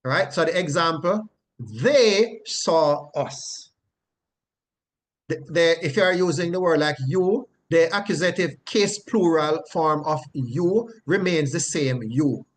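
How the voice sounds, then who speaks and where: A male Bible teacher explaining grammar in a lesson, often pausing to check in with "right?". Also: on the high side, a little hiss or hum.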